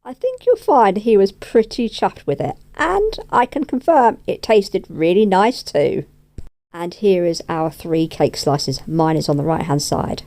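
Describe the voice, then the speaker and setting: A woman's voice: lowish voice, animated, a little slow, dark tone. A woman narrating her vlog in a chatty, cheerful way. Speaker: vlogger.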